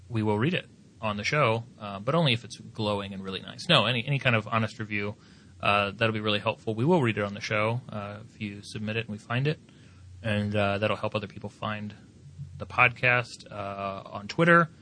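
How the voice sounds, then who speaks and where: A man's voice: fairly low pitch, sharp tone, slight background noise. A man hosting a casual podcast chat and wrapping up the episode. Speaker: podcast host.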